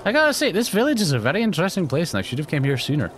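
A man's voice: fairly high pitch, wildly swooping pitch, rapid-fire, slight background noise. A Scottish man with a self-mocking, joking manner, commentating a horror game. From Scotland. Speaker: gaming YouTuber. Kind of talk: let's play commentary.

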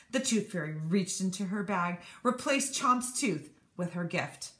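A woman teacher reading a children's storybook aloud, animated and expressive. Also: fairly low pitch, unhurried, hardly any pauses. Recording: echoey room.

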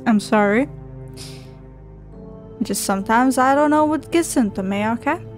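A gameplay streamer with a fairly high voice reads a video game's dialogue aloud at a measured pace, swearing and giggling through sassy asides in her let's play commentary. Faint music sits behind her.

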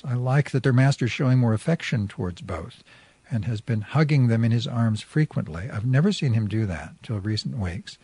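A man's voice: medium pitch, darkish tone, breathy edge, no echo. A man, a radio host, reading a first-person story chapter aloud in a dry, wry narrating voice.

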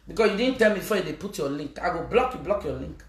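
A woman's voice: lowish voice, expressive, quick pace. Playful Nigerian woman in an echoey room. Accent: Nigerian Pidgin English. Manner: playful and teasing, bursting into laughter and chanting. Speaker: social media personality. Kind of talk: live-stream monologue.

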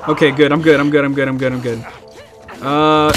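A man giving casual gameplay commentary, panicking, swearing and repeating himself in quick bursts. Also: a little high. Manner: panicky, swears a lot, repeats words rapidly. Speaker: let's play gamer. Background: loud game music.

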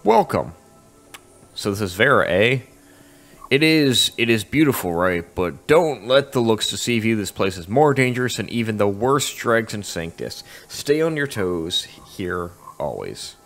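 A man's voice: lowish voice, very animated, measured pace, fairly bright tone, faint music behind, full character voice. A man reads a male soldier's lines in a game, welcoming a new arrival and warning him. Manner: reading quest text aloud.

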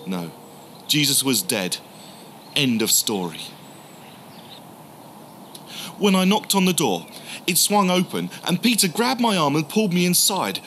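A man telling the story in the first person as a grieving, doubting male disciple, halting and emotional, repeating words. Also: a little high, big pitch swings, bright, forceful tone, a little hiss or hum, full character voice. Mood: bitter.

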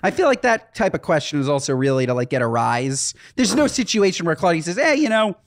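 A man with a mid-pitched voice that moves a lot, talking things through with a podcast co-host. He stops, restarts and muses aloud, close to the mic in a dry room. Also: big pitch swings, quick pace, no echo. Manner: musing, talks things through with restarts and little acted asides. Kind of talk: casual chat.

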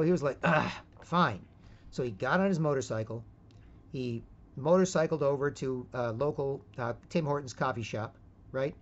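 A man's voice: a little high, highs cut off. A man rambling in a casual monologue, repeating words and tagging his sentences with 'right?'. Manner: rambling, repeats words and asks 'right?' often, switches into put-on quotes. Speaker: vlogger.

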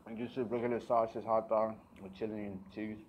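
A man giving casual commentary on a horror game, jumpy and swearing, breaking into panicked shouts. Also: on the low side, little pitch movement, fairly quick, dull audio, slight background noise. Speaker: gaming video creator.

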